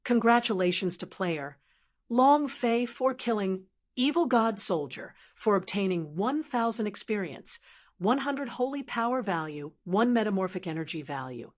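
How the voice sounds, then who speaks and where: Flat, announcing system notification voice, read by a woman in a fantasy audiobook. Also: medium pitch, normal speed, lightly acted. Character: game-style system notification voice.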